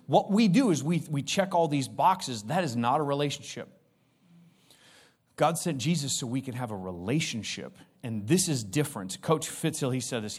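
A man in his forties preaching a sermon as pastor, energetic and acting out the voices he quotes. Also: mid-range voice.

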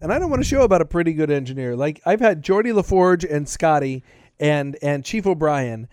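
Casual podcast talk, man, fairly high voice, rambling and swearing, dry close mic. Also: a little fast, no echo. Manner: rambling, profane, animated. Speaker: podcast co-host. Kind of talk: casual chat about a TV show.

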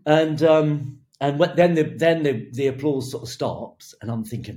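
A man's voice: a little high, very animated, normal speed, hardly any pauses, dark tone. A man, a hairdressing creative director, telling an anecdote in an interview, laughing between phrases and acting out the quotes.

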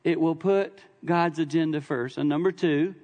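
A man's voice: a little high, steady tone, normal speed, a little mellow. Man preaching in an echoing church. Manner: conversational, storytelling with humor and bursts of emphasis. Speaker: visiting preacher. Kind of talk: sermon. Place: church sanctuary. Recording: long hall reverb in a church.

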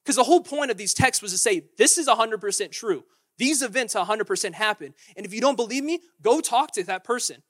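A man's voice: sits high, animated, brisk, a bit bright. A man preaching a sermon in a conversational way, acting out quotes and often restarting his phrases. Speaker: pastor.

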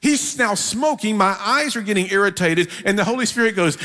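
Man, guest preacher, humorous storytelling sermon, somewhat high voice, long church-hall echo. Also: lively intonation, a little fast, bright, forceful tone.

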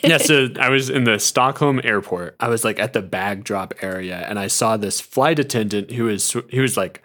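A man co-hosting a podcast, telling a casual travel story in a dry, low-key way. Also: normal speed, fairly bright tone. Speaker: podcast co-host. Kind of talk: casual chat.

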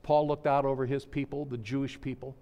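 A man preaching a sermon, swinging between hushed, sorrowful passages and soaring, fervent proclamation. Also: mid-range voice, little pitch movement, a little fast, vocal fry, big-room sound, lo-fi sound. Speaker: pastor.

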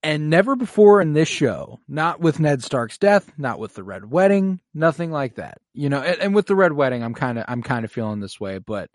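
A man's voice: on the high side, lively intonation, moderate pace, hardly any pauses, no room sound, studio quality. A man co-hosting a TV rewatch podcast, chatting casually, swearing freely and acting out characters' lines. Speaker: podcast co-host recapping an episode. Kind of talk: casual chat.

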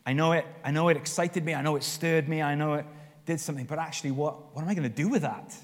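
A man preaching to his congregation, his voice sitting a touch higher than most men's. He tells his story with animated emphasis that rises as he goes. The long reverb of a church hall trails after his words. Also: fast talker. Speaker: pastor. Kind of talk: sermon.

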